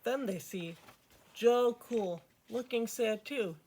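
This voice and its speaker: A woman's voice: fairly high pitch, takes it slowly, darkish tone, slightly rough. Woman reading a storybook to kids, chatty asides, storytime host. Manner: chatty, with friendly asides to the listeners. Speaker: children's storytime reader. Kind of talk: reading a picture book aloud to kids.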